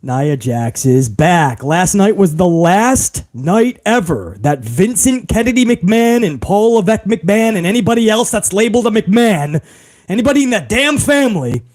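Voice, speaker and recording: A man's voice: high-pitched, animated, moderate pace, a little mellow. A tired man hosting a live podcast, talking in a rambling, sarcastic way. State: tired after a long day. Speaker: podcast host.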